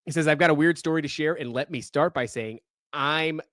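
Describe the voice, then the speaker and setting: A man co-hosting a podcast, reading listener stories in casual chat, animated and profane, often laughing while he reads. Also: on the high side, a little fast, no echo, studio quality.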